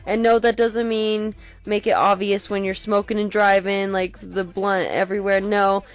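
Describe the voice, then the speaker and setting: A woman's voice: mid-range voice, level tone, moderate pace, clean tone. A young woman from Colorado, chatting loosely on a podcast, rambling and swearing freely. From Colorado, USA. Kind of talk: casual chat.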